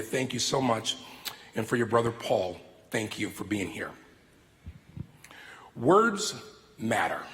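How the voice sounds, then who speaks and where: A man in his fifties giving a sermon as guest speaker, telling stories in an animated, theatrical way into a stage microphone in a large worship hall. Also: mid-range voice. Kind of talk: sermon with storytelling. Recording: long reverb of a large hall.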